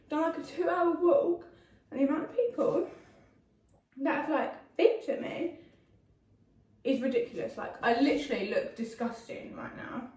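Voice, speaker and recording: A woman's voice: sits high, a little mellow. Rambling young woman, echoey and distant. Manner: rambling and chatty, with many "like" fillers and self-deprecating asides. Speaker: vlogger. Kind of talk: casual vlog chat. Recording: echoey, distant mic, faint noise.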